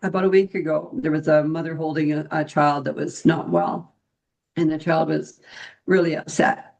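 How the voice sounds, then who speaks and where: A man co-hosting a podcast, chatting casually and telling a story in a relaxed way with small restarts. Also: fairly high pitch, moderate pace, gravelly, rough recording. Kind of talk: casual chat.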